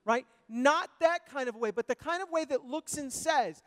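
A male pastor preaching a sermon, animated, swinging between loud emphasis and quiet asides. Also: very high voice, moderate pace, few pauses, in a large hall.

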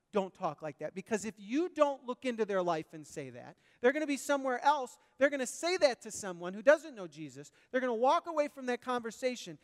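A male pastor preaching a sermon, animated, swinging between loud emphasis and quiet asides. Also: sits high, in a large hall.

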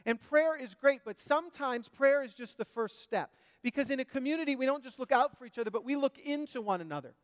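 A male pastor preaching a sermon, animated, swinging between loud emphasis and quiet asides. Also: very high voice, fairly quick, hardly any pauses, long reverb tail.

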